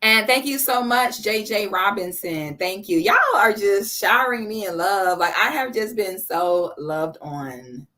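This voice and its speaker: A woman's voice: mid-range voice, lively intonation, a little slow, hardly any pauses, pushed and bright. A woman in her thirties hosting a casual live stream, effusive and chatty, reading out viewers' messages and thanking them by name. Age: 30s.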